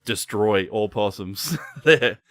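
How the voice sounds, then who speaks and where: Lively, laughing Australian co-host. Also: male voice, on the low side, slow, no room sound. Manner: laughing, swearing banter. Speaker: podcast co-host. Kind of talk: casual podcast chat.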